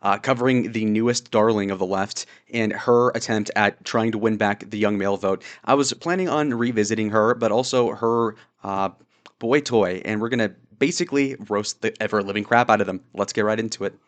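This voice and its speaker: Low-voiced man roasting posts sarcastically. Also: brisk. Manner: mocking, sarcastic roasting with frequent fillers. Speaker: political commentary YouTuber. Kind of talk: sarcastic commentary reacting to social media posts.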